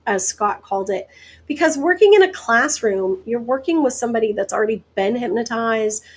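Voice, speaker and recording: A woman's voice: a little high, brisk, slightly rough, poor audio. Chatty woman telling stories with laughs. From Deep South, United States. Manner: chatty, laughs often, lively asides. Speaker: guest hypnotist. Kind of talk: casual interview storytelling.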